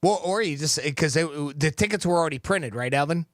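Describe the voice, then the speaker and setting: A man's voice: on the high side, animated, a little fast, dry recording, clean studio sound. A man co-hosting a radio show, thinking aloud with hesitant, wandering remarks. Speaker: radio co-host. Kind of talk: casual radio chat.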